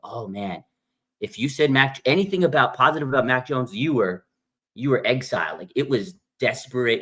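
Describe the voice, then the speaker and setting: A young man hosting a casual sports livestream, talking in a slangy, animated way and reading viewer comments aloud. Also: mid-range voice. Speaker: sports show host.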